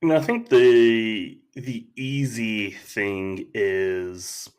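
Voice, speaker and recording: A man talking as a podcast guest, telling stories in a slow, reflective way and acting out quotes. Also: on the low side, smooth. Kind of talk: casual conversation.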